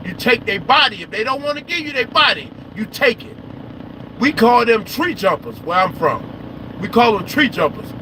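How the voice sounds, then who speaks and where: High-voiced man ranting outdoors, noisy. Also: moderate pace. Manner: animated, profane, repeats himself for emphasis. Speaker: trucker vlogger. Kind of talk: casual outdoor talk to viewers.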